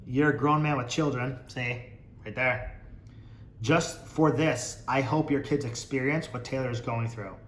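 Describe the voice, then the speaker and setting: Sarcastic guy roasting comments, swears a lot, roomy echo and a low rumble behind. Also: fairly even intonation, a little slow. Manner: sarcastic and mocking, swears freely. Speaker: podcast host reading viewer comments. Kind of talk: casual chat.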